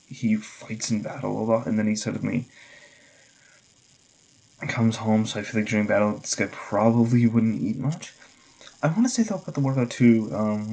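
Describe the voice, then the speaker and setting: A man's voice: fairly low pitch, warm tone, rough recording. A young man vlogging casually, rambling with many fillers and restarts. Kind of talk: casual vlog talk.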